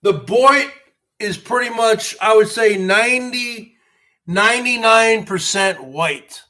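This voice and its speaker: Slow, bright-voiced ranting man. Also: high voice. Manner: ranting, repetitive, keeps addressing viewers as folks. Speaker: livestream host. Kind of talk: rambling livestream monologue.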